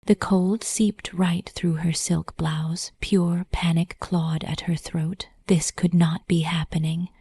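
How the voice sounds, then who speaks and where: A woman narrating a dramatic story in a soft, breathy whisper, as whispered role-play. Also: on the low side, little pitch movement, takes it slowly, few pauses, dry recording, clean studio sound.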